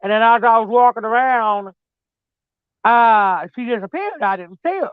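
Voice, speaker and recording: A woman's voice: fairly high pitch, expressive, normal speed, narrow, tinny audio, slight background noise. A mother chatting casually about her children, rambling, swearing freely and often tossing in "man". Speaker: mother telling personal stories. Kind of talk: casual storytelling chat.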